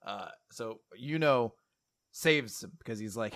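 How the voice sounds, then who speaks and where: A man co-hosting a casual chat, animated, laughing often and acting out the quotes. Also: mid-range voice, a little slow. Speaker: podcast co-host.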